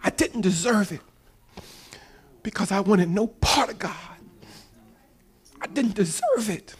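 A man in his fifties, a preacher giving a sermon that builds from quiet storytelling to shouted, tearful preaching. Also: high voice, animated, slow, husky. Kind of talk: sermon testimony.

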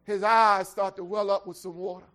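A preacher retells a scripture story in a vivid, conversational way. The delivery swings from quiet asides to loud, high-pitched shouting. The speaker keeps calling out to the congregation to make sure they are following. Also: level tone, normal speed. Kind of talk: sermon storytelling.

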